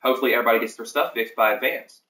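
A man's voice: mid-range voice, racing, pushed and bright, recorded from a distance. A man hosting a casual livestream, rambling through team lineups with many fillers and self-corrections. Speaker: league host reviewing team depth charts. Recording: echoey room, voice off the mic.

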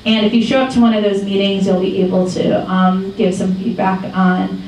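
A young woman from Michigan giving a casual, animated talk to a room, telling stories with many ums and likes. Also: mid-range voice, normal speed, slight background noise. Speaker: activist speaker. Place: meeting room. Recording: echoey room from far off.

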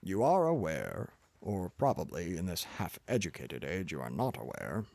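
A man's voice: sits low, very animated, moderate pace, creaky, a little mellow, dry recording, heavily acted. A man voicing a pompous, arrogant older professor who lectures in a condescending manner. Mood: lecturing.

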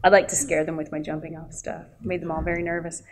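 A woman voice actress speaking as a guest on a convention panel, telling animated stories and laughing often. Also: sits low, quick pace. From Canada. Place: expo panel, indoors.

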